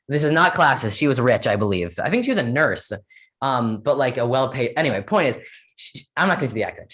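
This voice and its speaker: A man's voice: medium pitch, a bit bright. A man speaking as a guest in a casual podcast interview, rambling with many fillers and sarcastic asides.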